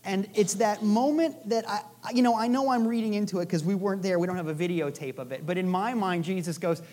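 A woman's voice: lowish voice, brisk, few pauses, mellow. Casual, playful woman preaching a sermon. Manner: casual, playful storytelling with asides. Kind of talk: conversational sermon.

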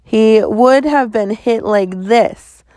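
A woman reading a stern male sheriff who gives brisk orders at a crime scene. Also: a little high, warm tone, dry recording, studio quality. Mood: businesslike. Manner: commanding, brisk.

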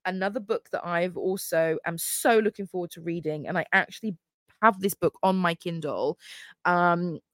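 Her voice sits on the low side at a normal speed as this young podcast host chats casually by herself, gushing over books and filling her speech with fillers. The recording is dry and studio-clean.

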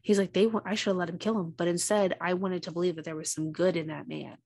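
A woman's voice: fairly low pitch, fast talker. A woman co-hosting a podcast, retelling a movie's plot in casual chat and acting out the characters' lines. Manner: animated retelling, acts out quotes. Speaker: podcast co-host.

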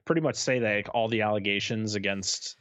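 A man's voice: fairly low pitch, a little fast, fairly bright tone, no room sound. A man as a podcast guest, chatting casually and agreeably, thinking aloud. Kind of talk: casual chat. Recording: dull lo-fi sound.

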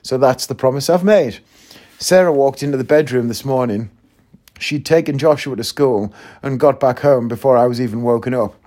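A man hosting his own podcast in a casual solo monologue. He rambles, thinks out loud mid-sentence and swears freely. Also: medium pitch, normal speed. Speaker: podcast host.

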